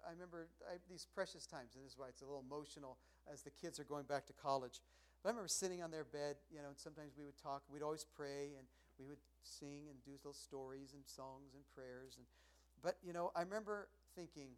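Middle-aged pastor guy preaching, chatty and loose, gets loud then drops way down quiet, voice sits a bit high. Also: fast talker. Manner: conversational preaching, swings from loud to hushed. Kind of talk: sermon.

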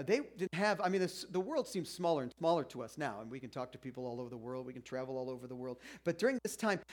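A middle-aged pastor with a noticeably high voice gives an informal, conversational sermon. He halts and restarts mid-sentence and acts out the objections of doubting listeners to drive his point home.

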